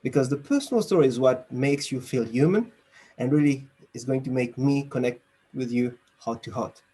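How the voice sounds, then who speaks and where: A man's voice: medium pitch, mellow, slightly rough. A man giving a structured, encouraging evaluation of a speech over a video call from home. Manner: structured, encouraging, with emphatic pauses. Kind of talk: online club speech evaluation.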